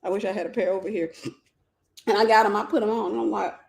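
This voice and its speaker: A woman's voice: medium pitch, steady tone, quick pace, creaky. A woman teaching a faith-based life lesson in a conversational way, telling stories with playful asides and acted-out voices. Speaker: Christian teacher and mentor.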